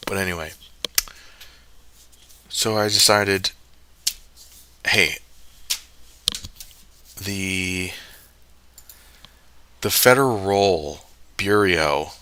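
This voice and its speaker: Slow-talking, rambling low-voiced man. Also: pushed and bright. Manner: rambling, self-correcting, jokey asides. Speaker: stream host. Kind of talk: rambling casual monologue.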